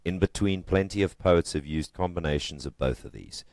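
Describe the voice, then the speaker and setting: A man with an extremely deep voice gives a casual literature lesson. He chats and jokes his way through it and punches the stressed syllables. The sound is close and dry, with no room echo. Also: moderate pace, darkish tone. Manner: chatty and joking, with emphatic stresses. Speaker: literature teacher.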